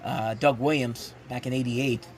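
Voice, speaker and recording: A man hosting a live rewatch, giving excitable play-by-play commentary with frequent restarts. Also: medium pitch, a little slow. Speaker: host live-reacting to a football game. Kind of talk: casual live sports commentary.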